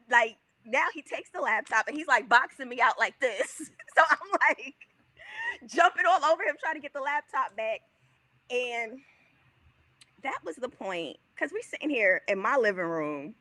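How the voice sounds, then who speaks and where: Bright-voiced woman telling a story. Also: high voice, dry recording. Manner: animated, acts out quoted dialogue, swears freely. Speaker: podcast guest. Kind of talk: casual storytelling.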